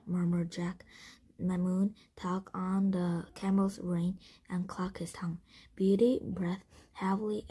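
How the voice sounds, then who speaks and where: A woman reading a children's storybook aloud in a gentle, breathy, husky voice, with occasional slips and restarts. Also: medium pitch. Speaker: storybook reader.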